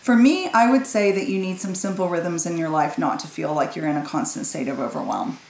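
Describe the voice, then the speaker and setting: Woman guest, low-pitched, lively talker; echoey room with faint noise. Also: fairly quick, creaky. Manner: lively, laughs easily, talks in long runs. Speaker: guest parent. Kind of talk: casual conversation.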